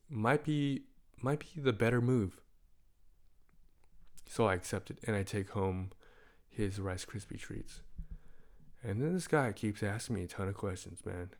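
A man telling a comic story in a casual, profane and animated way. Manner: profane and animated, with big swings in loudness and pitch.

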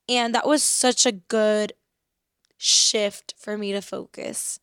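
A woman speaking earnestly and reflectively about faith, slowly reading scripture verses aloud. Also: medium pitch, steady tone, a bit bright, clear, resonant tone, dry recording, studio quality. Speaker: faith podcast host.

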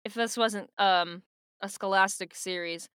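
A woman's voice: medium pitch, fairly even intonation, a little slow, fairly bright tone, clear, resonant tone. A woman co-hosting a podcast in casual book-club chat, talking with lots of fillers and offhand swearing. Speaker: podcast co-host.

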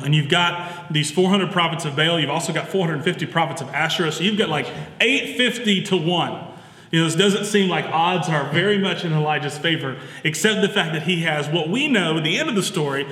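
Bright-voiced preacher man in an echoey hall. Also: fairly high pitch. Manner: relaxed, chatty with many fillers and restarts. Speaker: pastor. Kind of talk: conversational sermon. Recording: echoey hall with long reverb.

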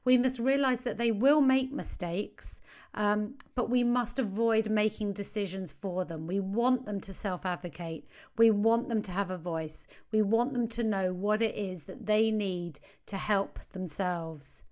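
A woman's voice: medium pitch, unhurried, darkish tone. A woman, a parenting coach giving earnest advice to parents and stressing key phrases.

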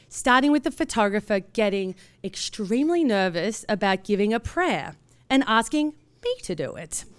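Lively Australian woman telling a story. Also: mid-range voice, smooth. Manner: animated, acts out the voices in her story. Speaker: producer. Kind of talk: personal storytelling.

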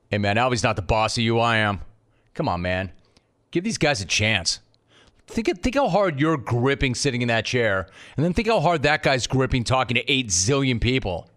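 A man hosting a sports talk radio show, bantering in an animated, mocking, rapid-fire way. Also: mid-range voice.

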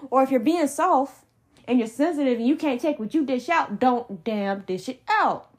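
A woman's voice: high voice, lively intonation, normal speed. Heated young woman ranting about sports. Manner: heated, emphatic, blunt slang. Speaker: podcast host. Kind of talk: solo sports podcast rant.

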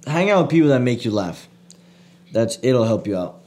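A man's voice: mid-range voice, big pitch swings, moderate pace, darkish tone, a little hiss or hum. A young man co-hosting a casual podcast, joking and teasing his friend. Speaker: podcast co-host. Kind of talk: casual chat.

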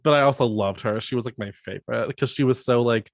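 Brief: gushing, giggly male co-host, everyday pitch, dry studio sound. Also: fast talker, gravelly, no echo. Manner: giggly, gushing, laughs often. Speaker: podcast co-host. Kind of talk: casual chat.

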